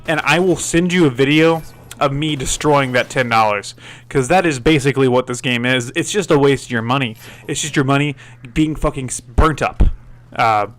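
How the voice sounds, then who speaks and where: Swearing heavily and tripping over his words, this game reviewer stammers, restarts and sounds thoroughly fed up as he complains. His voice is fairly high and fairly bright.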